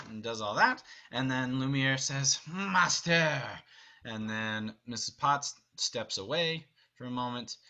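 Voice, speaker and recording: A man with a bright, forceful voice directs an online rehearsal, talking his cast through where each character stands and moves. He keeps an upbeat, instructive tone over a video call. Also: mid-range voice. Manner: upbeat, instructive, briefly acts out lines. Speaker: theater director.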